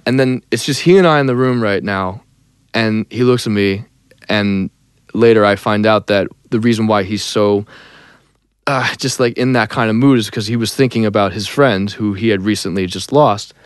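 Animated young man telling a story. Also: on the low side, moderate pace, clean tone, no room sound, studio quality. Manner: animated, breaks into sung snippets and acted quotes. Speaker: songwriter and singer guest. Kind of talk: casual storytelling interview.

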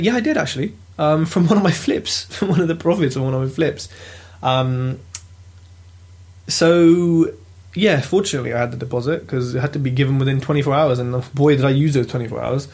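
A British man telling a property auction story in a lively, casual vlog, swearing freely as he goes. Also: a little high. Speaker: property investor vlogger. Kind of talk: casual chat.

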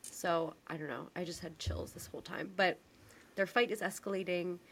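A young woman co-hosting a podcast recaps a TV episode in casual conversation. Her lowish voice keeps a moderate pace, and she tells the story animatedly, acting out the quotes.

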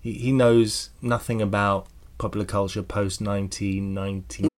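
A man in his thirties chats casually on a podcast, low-pitched and rambling. He tells self-deprecating stories and often stops and restarts his sentences. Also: little pitch movement, moderate pace, soft background music. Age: 30s. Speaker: podcast co-host. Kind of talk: casual chat.

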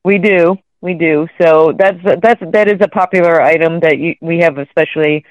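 A woman's voice: on the low side, steady tone, moderate pace, no echo, highs cut off. A woman who runs a bed and breakfast, chatting in a friendly, matter-of-fact way. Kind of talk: casual chat.

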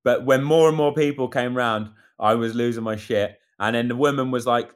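A man casually telling a lively story about a bike race, acting out what people said. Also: medium pitch, a little fast, hardly any pauses, clear, resonant tone. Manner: animated storyteller acting out quotes. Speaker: amateur cyclist recounting a race. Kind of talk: casual chat.

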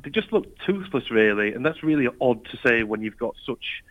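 A man's voice: medium pitch, expressive, moderate pace, narrow, tinny audio. A male football reporter with a cold, talking through a match in a rambling way. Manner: rambling, many restarts and fillers. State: has a cold. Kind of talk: casual football chat.

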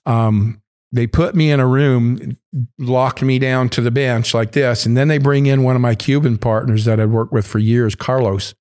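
A man guest in an interview, telling a rambling story full of swearing, now and then acting out other people's shouts. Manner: acts out other people's shouting in sudden high bursts. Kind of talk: casual storytelling.

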